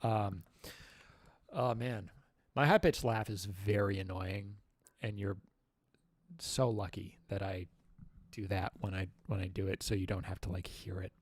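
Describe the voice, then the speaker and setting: A man hosting a casual livestream Q&A, rambling and halting through lots of fillers and self-mocking jokes. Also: on the low side, steady tone, husky. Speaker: livestream host.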